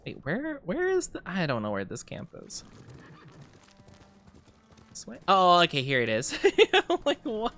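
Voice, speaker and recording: A man's voice: sits high, huge pitch swings, a little slow, pauses often, a bit bright, faint music behind. A young man streaming a game, chatting with his viewers and playfully denying their teasing. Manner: playfully defensive, teasing denials to chat.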